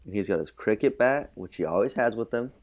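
A man's voice: lowish voice, lively intonation, brisk. A man co-hosting a podcast, chatting loosely about a film with many likes and uhs. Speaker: podcast co-host. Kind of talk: casual chat recapping a film.

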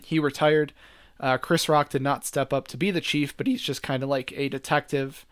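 A man's voice: fairly high pitch, fairly even intonation, moderate pace, a bit bright, clean tone. A man co-hosting a casual movie review chat, talking loosely with lots of "like" and restarts. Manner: chatty, full of "like" and restarts. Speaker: podcast co-host.

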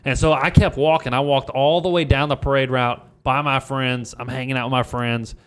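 Guesting on a podcast, this young comedian from Louisiana spins a meandering story full of fillers and casual profanity. He speaks at normal speed with an ordinary mid pitch and a flat delivery, his tone clear and resonant. Nothing about the talk is polished; it remains relaxed throughout.

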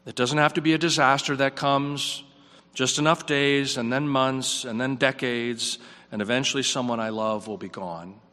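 A man preaching a sermon in a reflective, earnest way, his voice rising on questions and dropping soft. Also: mid-range voice, steady tone, normal speed, big-room sound.

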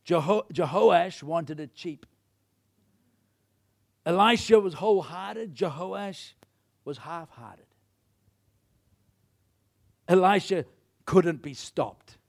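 A man with a high voice preaches slowly, with vocal fry and long pauses, animatedly recounting a Bible story and acting out what the characters say.

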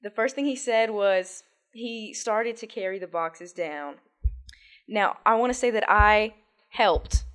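A woman's voice: mid-range voice, slow pace, a bit bright. A young woman appearing as a podcast guest, telling her side of a story with good-humored laughter. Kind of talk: casual podcast interview.

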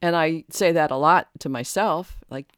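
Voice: medium pitch, normal speed, clear, resonant tone, no echo, studio quality. A podcast host giving an earnest, searching spiritual monologue, often restarting sentences.

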